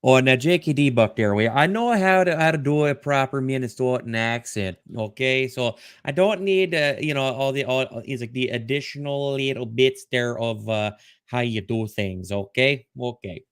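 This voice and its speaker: A man's voice: mid-range voice, moderate pace, clear, resonant tone, no room sound, studio quality. A man with a Midwestern American accent, co-hosting a stream with rambling, playful banter. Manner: rambling, playful, filler-heavy. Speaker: stream co-host. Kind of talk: casual banter.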